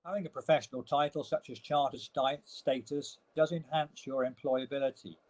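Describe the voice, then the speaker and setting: A man's voice: medium pitch, fairly even intonation, moderate pace, a little mellow, muffled recording. A man giving a webinar slide presentation, explaining each step and leaning hard on the key words. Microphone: online webinar audio.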